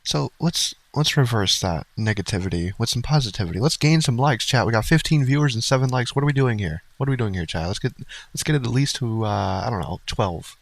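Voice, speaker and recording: A man's voice: medium pitch, expressive, brisk, gravelly, no room sound. A man hosting a live stream, cracking wry jokes and talking to his chat between arguments. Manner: wry, joking asides to chat. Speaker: streamer host.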